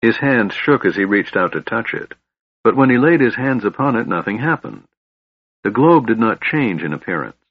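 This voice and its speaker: A man giving scripted fantasy narration as an audiobook narrator, in a steady, measured reading. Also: lowish voice, breathy edge, no room sound. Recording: dull, lo-fi sound.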